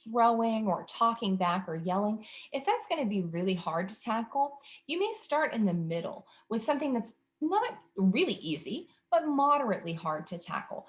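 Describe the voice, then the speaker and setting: Woman explaining parenting strategies. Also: mid-range voice. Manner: conversational, explanatory, with frequent fillers. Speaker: behavior specialist host. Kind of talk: instructional talk to parents.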